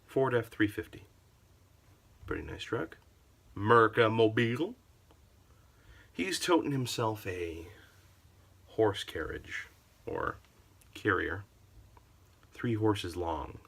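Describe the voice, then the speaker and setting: A man narrating a comic storytime in a sarcastic, theatrical manner, his voice gravelly and husky. It is bright in tone and leaps between quiet asides and loud outbursts. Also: fairly low pitch, expressive, slow, pauses often. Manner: theatrical, sarcastic, wildly varied delivery.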